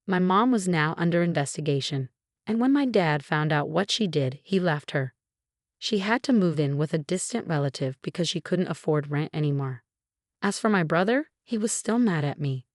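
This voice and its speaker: Measured low-voiced woman narrating. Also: expressive, no room sound, studio quality. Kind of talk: scripted story narration.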